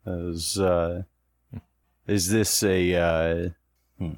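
A man's voice: low-pitched, level tone, extremely slow, dry recording. A man playing in a tabletop game, thinking aloud hesitantly with many restarts. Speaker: player.

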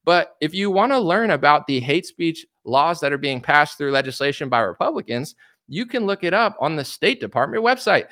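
A young male commentator delivers a heated political rant in a slightly high voice at normal speed. He's animated, repeats himself, and sometimes mocks others by putting on voices.

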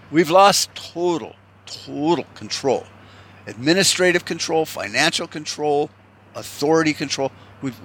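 An American man delivers a rambling, profanity-laced political rant, angry and full of restarts. His pitch swings widely from line to line, and the tone stays bright and forceful. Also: a little hiss or hum. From United States.

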